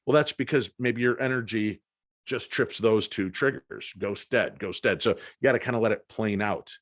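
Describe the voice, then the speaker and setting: A medium-pitched man talking at normal speed, a paranormal investigator, tells an anecdote as a podcast guest and acts out what people said with animation. The studio sound is clean with no echo.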